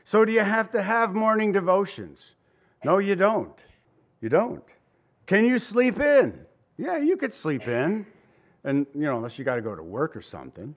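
A man's voice: high voice, very animated, a little slow. A man preaching a sermon in a conversational way, asking rhetorical questions and chuckling now and then. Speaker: pastor.

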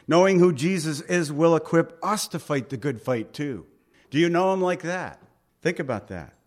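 A man preaches in an animated way, his voice sitting a little high. He laughs often, acts out the quotes and keeps asking his listeners questions. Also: normal speed. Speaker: pastor. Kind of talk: sermon.

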